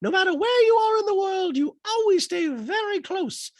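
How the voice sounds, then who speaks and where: A man voicing a high-pitched reality star who keeps making robot beep noises. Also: expressive, moderate pace, dry recording, studio quality. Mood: mocking. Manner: shrill, squeaky, peppers talk with robot beeps.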